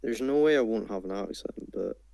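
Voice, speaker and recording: A young Scottish man, calm and well-spoken, chatting as a podcast guest. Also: normal speed, creaky, no room sound. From Scotland. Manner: deep, calm, well-spoken, laid-back. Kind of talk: casual podcast chat.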